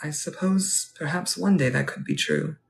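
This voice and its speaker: A man playing a polite, wistful Edwardian gentleman at a ball, speaking formally and courteously in a live role-play. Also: fairly high pitch, moderate pace, vocal fry. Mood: genteel. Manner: formal, courteous, old-fashioned phrasing.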